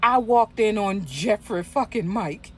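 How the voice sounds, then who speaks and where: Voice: medium pitch, lively intonation, a little slow, fairly bright tone, a little hiss or hum, pitched above the performer's own voice. A storyteller voicing an upset woman complaining dramatically into her phone. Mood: dramatic.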